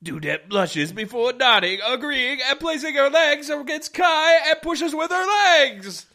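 A man co-hosting a comedy podcast, reading aloud slowly and with a giggly delivery. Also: very high-pitched, expressive, sharp tone.

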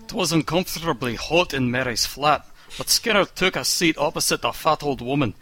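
A man doing a deadpan comic reading aloud of a passage of fiction. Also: fairly high pitch, moderate pace, soft background music. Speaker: reader.

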